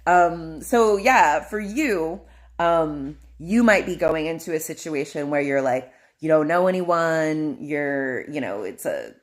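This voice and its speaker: Woman podcaster rambling dreamily, lots of likes and ums, pretty low voice for a lady. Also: expressive, takes it slowly. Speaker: podcast host. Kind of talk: casual personal storytelling.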